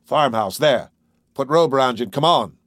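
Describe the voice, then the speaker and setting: A man's voice: medium pitch, expressive, moderate pace, dry recording, clean studio sound, close to an everyday voice. A man reading aloud, voicing a blunt, fearless country doctor who talks in clipped, matter-of-fact bursts.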